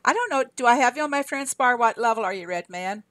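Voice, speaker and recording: A woman's voice: fairly high pitch, expressive, quick pace, a bit bright, no room sound. An older woman with a Southern US accent chatting casually on a live stream, laughing often and answering her chat aloud. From Southern US, Arkansas. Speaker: game streamer.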